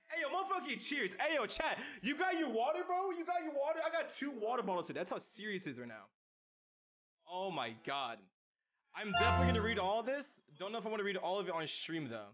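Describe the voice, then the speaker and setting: A young man live-streaming, reading out viewer messages in casual chat, excitable, with loud outbursts, swearing and a stutter with frequent restarts. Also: high voice, quick pace, lo-fi sound.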